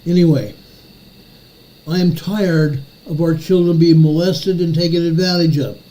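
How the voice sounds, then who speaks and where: A man's voice: a little high, steady tone, a little slow, mellow, rough recording. An older man hosting a commentary show, ranting furiously and repeating his phrases for emphasis. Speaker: show host.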